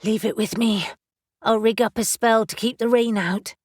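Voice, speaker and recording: A woman voicing a calm, practical female witch who speaks in a brisk way. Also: fairly high pitch, dry recording, studio quality, voice pushed up, close to an everyday voice.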